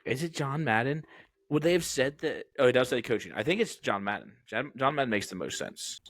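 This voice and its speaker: A man with an ordinary mid-range voice and a dry, close sound. He tosses off jokey guesses and quick agreements in a relaxed podcast chat. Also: mid-range voice, dry recording. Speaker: podcast co-host answering trivia. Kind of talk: casual chat.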